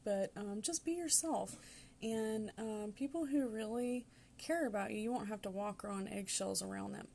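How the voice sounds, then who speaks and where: A woman's voice: medium pitch, moderate pace, gravelly, a little mellow, a little hiss or hum. A woman in her forties with a Southern accent, giving a casual tarot reading in a chatty, rambling way and laughing often. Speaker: tarot reader.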